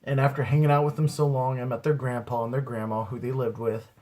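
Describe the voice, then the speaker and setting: A man's voice: mid-range voice, little pitch movement, fast, dark tone. A young man telling a comic story to camera in a laid-back, slangy way, full of swearing and acted-out quotes. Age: young adult. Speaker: aspiring comedian.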